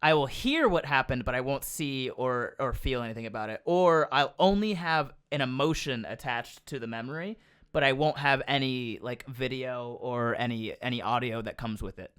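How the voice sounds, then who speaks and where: A man co-hosting a comedy podcast in casual chat, rambling and quick to joke. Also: mid-range voice, a bit bright, clean tone.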